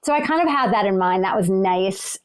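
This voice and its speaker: A woman, an ultrarunner, casually telling the story of a race in a chatty, animated way. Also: medium pitch, a little fast. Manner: chatty and animated, filled with "like" and "you know".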